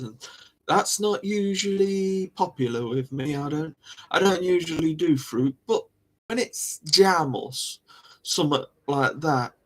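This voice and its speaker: A man hosting a livestream, chatting casually to viewers in a rambling way, often laughing and repeating himself. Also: a little high. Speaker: livestream host. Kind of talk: casual chat to live viewers.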